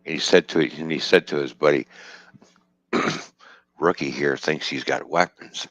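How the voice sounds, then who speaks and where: A man's voice: a bass voice, measured pace, fairly bright tone, dry recording. A man casually telling a story from his trucking work, quoting the people in it, swearing freely and laughing as he goes.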